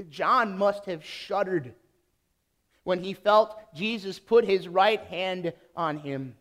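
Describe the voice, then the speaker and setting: High-voiced pastor preaching slowly. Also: male voice, a bit bright. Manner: emphatic, deliberate preaching with repeated phrases. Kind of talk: sermon.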